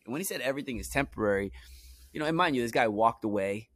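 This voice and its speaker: Speaking fast in an expressive mid-range voice with a fairly bright tone, a young Brooklyn man recounts personal stories. There is no echo on the recording. He rambles loosely, leaning heavily on fillers like "you know" and "like."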